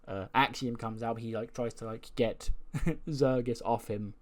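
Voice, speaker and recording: A man's voice: medium pitch, fairly even intonation, measured pace. A chatty man narrating a wrestling management game, breaking into laughs as he talks. His voice sits in a middle register with plain, easygoing delivery. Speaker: gaming video host.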